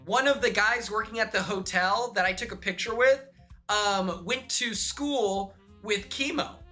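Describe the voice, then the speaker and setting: Young guy on stream, sharp bright voice, keeps saying like, bit of music under it. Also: high voice, measured pace. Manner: rambling, animated, heavy use of "like". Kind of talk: casual storytelling on a livestream.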